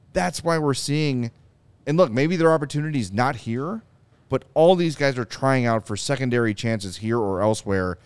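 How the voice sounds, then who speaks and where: A man hosting a podcast, talking sports in an animated, emphatic way. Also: medium pitch, smooth, no echo. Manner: animated, emphatic, quotes players in asides. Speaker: podcast host. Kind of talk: casual sports talk.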